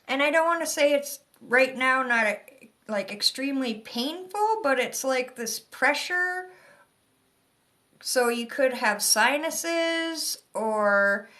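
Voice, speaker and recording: A woman's voice: high voice, lively intonation, takes it slowly, sharp tone. A woman from Michigan's Upper Peninsula with a Yooper accent, giving chatty, rambling psychic readings on a live stream. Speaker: psychic reader. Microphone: phone or webcam on a live stream.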